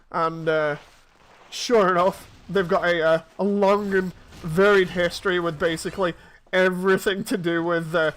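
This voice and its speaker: A man's voice: high voice, a bit bright, a little hiss or hum. A man in his thirties, chatting casually and telling rambling stories while streaming a game. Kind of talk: casual chat while playing.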